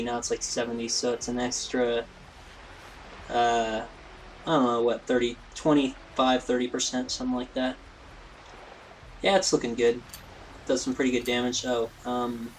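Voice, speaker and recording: A man's voice: medium pitch, slight background noise, rough recording. Rambling man doing game commentary. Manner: rambling, self-deprecating, lots of fillers. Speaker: let's play host. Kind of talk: casual gameplay commentary.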